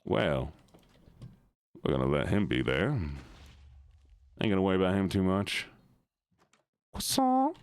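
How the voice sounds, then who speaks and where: A man's voice: low voice, animated, normal speed, pauses often, dry recording. A man streaming games and chatting casually with his viewers in a laid-back, teasing way. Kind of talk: casual chat with viewers while gaming.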